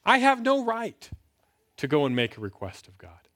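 This man's voice sits high and a bit bright, with wildly swooping pitch at a normal speed. In his thirties, he preaches conversationally as a pastor in a filmed indoor talk, asking rhetorical questions and stressing key words with emphatic lifts.

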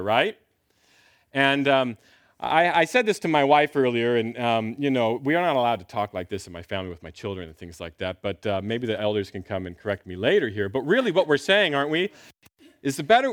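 A man's voice: on the high side, a bit bright, no room sound, clean studio sound. A middle-aged man preaching a sermon, playfully asking his congregation questions before reading scripture aloud. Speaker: pastor.

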